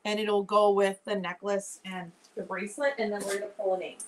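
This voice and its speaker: Woman host, mid-pitched, chatty and upbeat, running a casual live sale. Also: level tone, a little fast, slight background noise. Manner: chatty, upbeat, talks straight to viewers. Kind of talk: casual live-stream selling chat.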